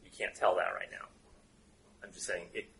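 A man running a tabletop game as game master, narrating in a halting way with many restarts. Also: sits low, fairly even intonation, vocal fry, sharp tone, rough recording. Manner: halting, full of fillers and restarts.

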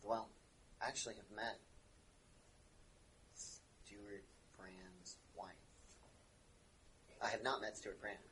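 A player in a tabletop role-playing game, talkative and quick to chime in with casual remarks. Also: sits low, fairly even intonation, a bit bright, a little hiss or hum, poor audio.

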